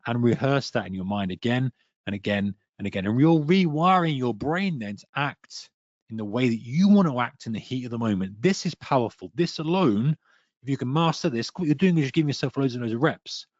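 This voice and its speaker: Trading coach, dry muffled webinar. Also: male voice, mid-range voice, fairly quick, dry recording. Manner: energetic, talks to listener directly, acts out a trader's inner voice. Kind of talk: webinar lesson.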